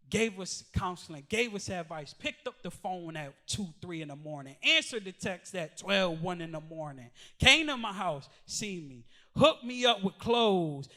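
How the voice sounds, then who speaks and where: A man's voice: high voice, bright, forceful tone. A man giving an emotional church testimony before a gathering, speaking in an impassioned, repetitive preaching cadence.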